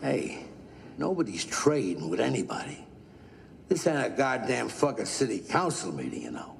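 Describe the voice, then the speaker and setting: An actor playing an older gruff crime boss who hands out orders bluntly, in a film clip. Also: male voice, mid-range voice, very animated, moderate pace. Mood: commanding. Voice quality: gravelly. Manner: domineering, blunt. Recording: film clip with roomy reverb.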